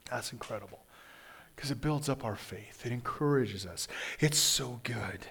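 A man from Kansas preaching a sermon in a conversational, animated way, often restarting and repeating words. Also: on the high side, moderate pace, vocal fry, breathy edge. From Kansas, USA. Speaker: pastor.

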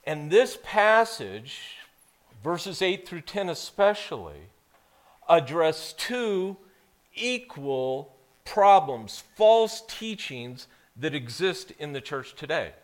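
A man preaching a sermon as pastor, reading scripture slowly and then preaching with strong emphasis. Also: a little high, sing-song. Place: church sanctuary.

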